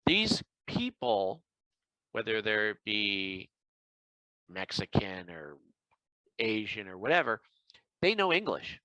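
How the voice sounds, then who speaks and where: Chatty male podcast host, expressive and bright, close dry recording. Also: on the low side, slow, pauses often, no room sound, poor audio. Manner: animated anecdote-telling with acted-out quotes. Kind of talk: casual chat, storytelling.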